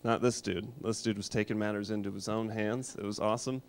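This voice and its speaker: Dry, deadpan man in his thirties. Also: lowish voice, brisk. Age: 30s. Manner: dry, deadpan delivery with restarts. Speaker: stand-up comedian. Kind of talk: stand-up comedy set. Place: music studio.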